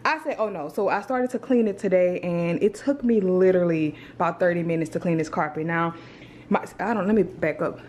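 A young woman talks straight into a camera on a tripod in her apartment, loose and chatty, calling viewers "girl" and "y'all". Her voice sits a little low for a woman, with a faint hiss behind it. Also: fairly quick, darkish tone. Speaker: vlogger. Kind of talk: casual vlog chat to camera. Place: at home in an apartment.

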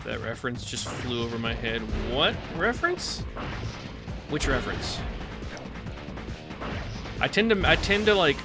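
A man's voice: mid-range voice, lively intonation, unhurried, long pauses. A man streaming a video game, chatting casually in a rambling, self-correcting way and laughing often. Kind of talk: casual gameplay commentary. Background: game music.

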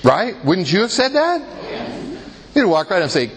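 A man's voice: high-pitched, sing-song, normal speed, slight background noise. A man leading a Christian workshop in a conversational way, often asking his listeners rhetorical questions and making jokes at his own expense. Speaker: workshop leader.

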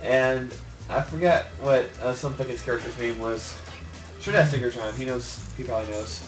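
A man's voice: medium pitch, normal speed, faint music behind, rough recording. A man hosting a game stream, chatting casually in a joking, laid-back way and swearing freely. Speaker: streamer host playing a city-building game. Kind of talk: casual chat.

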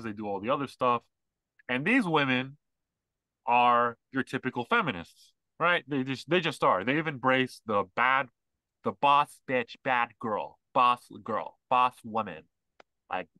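A man's voice: mid-range voice, pushed and bright, dry recording. A man co-hosting a podcast, ranting in casual, mocking chat with lots of fillers. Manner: ranting, mocking, mimics others. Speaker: podcast co-host.

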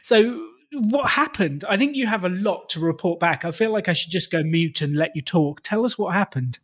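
A man's voice: sits high, animated, normal speed. Friendly man podcast co-host. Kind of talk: casual podcast chat.

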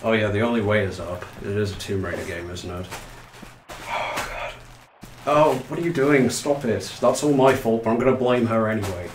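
A man with a lowish voice talks through a live game stream, winded from playing on a dance pad. He chats and jokes at himself and reads chat aloud. His voice bounces around a roomy home space with faint background hiss. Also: moderate pace. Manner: chatty, self-mocking, swears, reads chat aloud. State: out of breath, legs tired. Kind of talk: live gameplay commentary.

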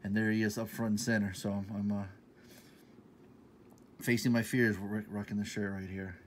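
Low-voiced man in an upbeat haul vlog. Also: level tone, normal speed, slight background noise. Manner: enthusiastic, repeats himself, sometimes drops to a soft half-whisper. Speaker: vlogger showing a shopping haul.

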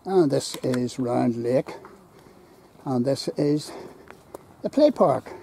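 Gravelly Northern Irish man touring outdoors. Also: mid-range voice, lively intonation, takes it slowly, pauses often, dark tone, slight background noise, poor audio. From Northern Ireland. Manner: chatty, enthusiastic, talks to passers-by. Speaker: vlogger and tour guide. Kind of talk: casual walking tour commentary. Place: outdoors by a lake.

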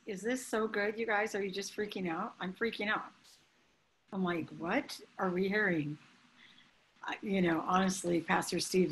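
A woman, a church leader hosting a preaching class over a call, gushing and excited as she speaks. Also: mid-range voice, moderate pace, slight background noise, poor audio. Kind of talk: enthusiastic informal hosting on a call.

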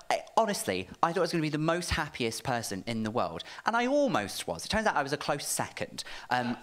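A man's voice: mid-range voice, a bit bright. A man in his thirties telling a camp, chatty stand-up story on stage, checking in with the crowd. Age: 30s. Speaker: stand-up comedian. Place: comedy club stage with a live audience. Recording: noisy live club recording.

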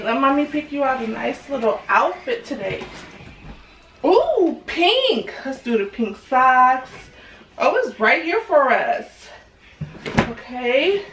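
A young mother coos in a very high, swooping sing-song, stretching her words into gushing, teasing baby talk. Her voice is bright and sharp, and it reaches the camera from a few steps away in an echoey room at home. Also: far from the mic. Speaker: mother and family vlogger.

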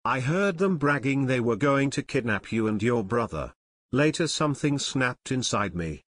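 A man's voice: mid-range voice, animated, moderate pace, a bit bright, no room sound, studio quality. A man voicing a shaky, frightened shopkeeper. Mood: confessing. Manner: shaky, broken, pleading. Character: frightened, shaky male costume dealer. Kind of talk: audiobook character reading.

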